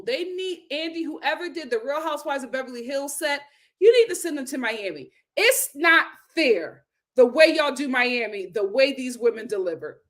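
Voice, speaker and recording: In a casual chat recapping reality TV, a high-pitched female host keeps things lively and exclamatory, reacting with frequent incredulity.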